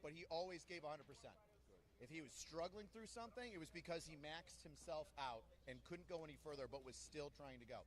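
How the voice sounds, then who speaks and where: A man's voice: fairly high pitch, brisk. A man who is a drill sergeant, telling stories in an interview and acting out the people he quotes. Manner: animated storyteller who acts out quotes loudly. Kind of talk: interview storytelling.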